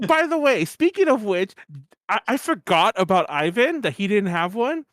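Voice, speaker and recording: A young man co-hosts a podcast in a high, bright register, recorded close and dry. He tells a party story in an animated way, laughing between lines and acting out his own drunken yelling. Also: normal speed, no echo. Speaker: podcast co-host. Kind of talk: casual storytelling chat.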